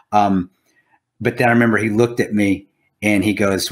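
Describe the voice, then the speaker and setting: A man's voice: lowish voice, fairly even intonation, brisk. A man co-hosting a podcast in casual chat, rambling and swearing, with lots of restarts. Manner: rambling, profane, restarts a lot. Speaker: podcast co-host.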